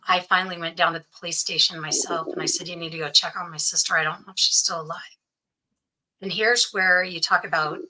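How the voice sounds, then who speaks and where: A woman, a guest in an interview, telling a personal story and acting out the voices of the people in it, often dropping to a hush. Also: on the low side, rough recording. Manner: acts out quoted voices, often drops to hushed tones.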